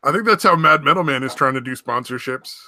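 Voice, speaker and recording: A man's voice: medium pitch, animated, fast talker, sharp tone. A man co-hosting a podcast, cracking crude jokes and swearing a lot in casual banter. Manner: profane, joking, laughs often. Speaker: podcast co-host.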